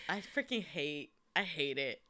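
A woman's voice: low-pitched, animated, unhurried, sharp tone. A young woman hosting a podcast in casual, slangy, gossipy chat with frequent laughter. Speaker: podcast host.

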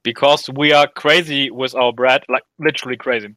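A man's voice: medium pitch, steady tone, brisk, sharp tone, dry recording, rough recording. A man from Germany, chatting emphatically on a call. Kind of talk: casual chat. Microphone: video call.

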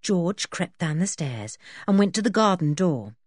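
A woman reads a children's storybook aloud in a lower voice with a lot of melodic movement. Her voice has a husky grain, and the recording is close and dry, with no room echo. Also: measured pace. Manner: expressive reading with character voices. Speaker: audiobook reader. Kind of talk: storybook narration.

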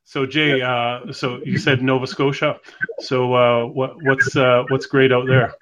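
A man's voice: mid-range voice, little pitch movement, unhurried, a bit bright, dull audio, a little hiss or hum. A man hosting a live talk show, joking and rambling in casual chat. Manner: joking, rambling, laughs often. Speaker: host.

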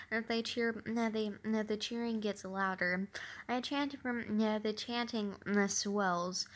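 A woman reading a novel aloud, halting often with fillers and restarts. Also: mid-range voice. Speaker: reader.

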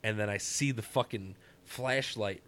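Profane, animated man. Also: on the low side, unhurried. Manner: profane, animated, laughing storyteller. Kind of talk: casual storytelling chat.

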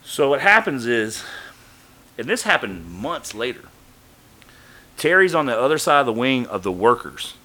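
On a podcast, a man with a mid-range voice tells a story casually at normal speed, pausing often. He's animated and profane, swearing freely and acting out the voices of the people he quotes.

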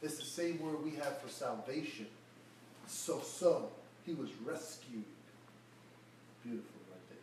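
A pastor preaches an expository sermon verse by verse, acting out the Bible characters in casual everyday speech. His medium-pitched voice is a little slow and mellow, picked up far off the mic in an echoey room with slight hiss or hum.

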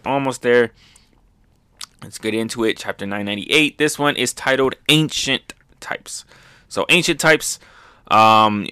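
A man hosts a manga review show, recapping chapters loosely and excitedly, cursing freely and padding pauses with "um" and "like." His voice is medium-pitched and smooth, and the recording is dry.

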